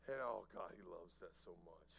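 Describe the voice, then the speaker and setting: A middle-aged man preaching a sermon, telling a personal story softly and then building to loud, slow emphatic preaching. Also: deep voice, lively intonation, gravelly, a little hiss or hum, low-quality recording. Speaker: pastor.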